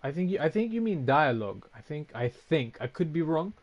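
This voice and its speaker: A man's voice: fairly high pitch, big pitch swings, a little fast, lo-fi sound. Casual swearing male game streamer. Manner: casual, swears often, reacts to chat. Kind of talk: casual chat reading stream comments.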